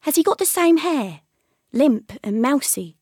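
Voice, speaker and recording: A nosy, knowing woman full of insinuating questions, as a female narrator voices her. Her voice sits high and swoops up and down with eager curiosity. The sound is dry and close. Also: big pitch swings, measured pace, darkish tone, dry recording. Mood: prying.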